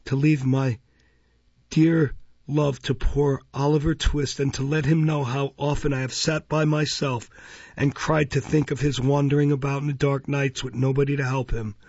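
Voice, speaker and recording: A frail, meek workhouse boy, as a man reads him in a storybook, speaking faintly and with faltering earnestness in a husky, gravelly voice. The recording is dry and dull. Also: medium pitch, little pitch movement, normal speed, a little mellow, no room sound. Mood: earnest.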